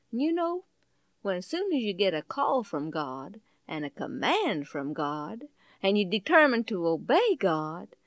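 Animated woman telling a Bible story. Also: medium pitch, no room sound. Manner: animated, exclamatory, folksy.

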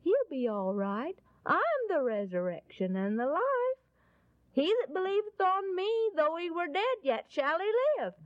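A woman voicing a calm, gentle but commanding Jesus in a Bible story, speaking in soothing, solemn tones, on a dull lo-fi recording. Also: very high voice, a little slow, dry recording, pitched above the performer's own voice, exaggerated voice. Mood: reassuring.

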